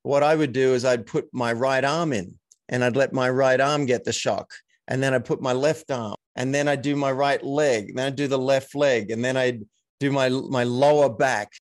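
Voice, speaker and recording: Guy coach telling stories on a podcast, calm and thoughtful, dead dry mic. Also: mid-range voice, normal speed, no room sound. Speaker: coach, guest. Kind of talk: casual interview chat.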